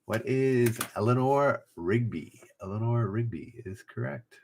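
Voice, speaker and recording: A man's voice: medium pitch, unhurried, creaky, a little mellow. A man hosting a casual trivia livestream, reading each clue twice and joking with the chat. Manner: chatty, reads clues twice, jokes with chat.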